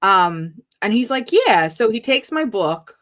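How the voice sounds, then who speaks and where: As a guest on a live-streamed video call interview, a woman tells an animated story and acts out the dialogue. Her voice is mid-range and her pace unhurried.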